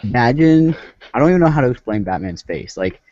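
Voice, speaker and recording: A man's voice: medium pitch, very animated, a little fast, darkish tone, no room sound, lo-fi sound. A man co-hosting a gaming podcast, eagerly recommending comics in a casual chat. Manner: enthusiastic recommending. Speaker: podcast co-host.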